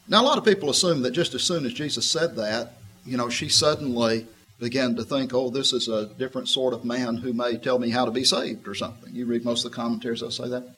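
Husky-voiced man teaching scripture. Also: mid-range voice, fast, fairly bright tone, rough recording. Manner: folksy and reflective, voices the woman with a tart, skeptical edge. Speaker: preacher. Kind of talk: conversational Bible teaching.

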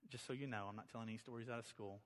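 A man's voice: on the low side, steady tone, racing. A middle-aged man preaching a sermon as pastor, talking conversationally and telling stories, then rising to emphatic peaks. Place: church sanctuary. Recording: long hall reverb.

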